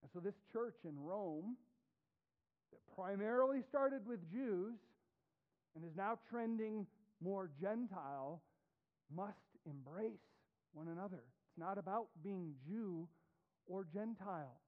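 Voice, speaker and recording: An animated male pastor with a high voice reads scripture aloud in a sermon, giving it deliberate weight. His voice swings sharply up and down for emphasis, and the audio has a tinny, phone-like narrowness.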